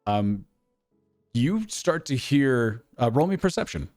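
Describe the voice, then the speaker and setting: Man, game master, casual tabletop narration, animated pitch, dry close sound. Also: slow, no room sound, faint music behind. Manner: casual, loose narration with fillers.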